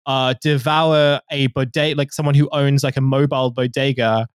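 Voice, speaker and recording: A man talks through a film's plot in a loose, rambling podcast chat, filling his sentences with "like" and "um". His voice sits at a middle pitch. The sound is dry and close, with no room around it. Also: flat delivery, moderate pace, smooth, no room sound. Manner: rambling, full of fillers and "like". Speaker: podcast co-host. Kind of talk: casual chat, recapping a film.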